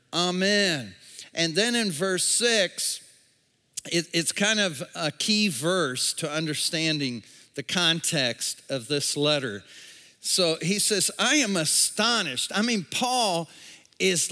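In a large room, a movie theater used as a church, the pastor preaches a sermon, reading scripture aloud with casual asides to the congregation. His high voice sounds pushed and bright, with long hall reverb.

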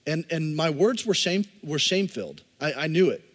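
Man, pastor, sermon, fairly high voice, earnest preaching, long hall reverb. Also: animated, normal speed. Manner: impassioned preaching, speaks directly to the congregation.

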